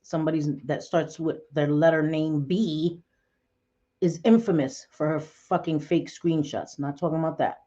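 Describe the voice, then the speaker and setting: A woman hosting a casual livestream chat, talking bluntly and excitably, cursing and laughing often. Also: low-pitched, normal speed, dull audio. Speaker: livestream host.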